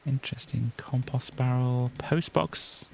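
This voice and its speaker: A woman's voice: a bass voice, fairly even intonation, a little slow, creaky, a little mellow, a little hiss or hum, rough recording. A woman streaming a game, chatting casually and giggling as she reads item names aloud. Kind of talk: casual gameplay chat.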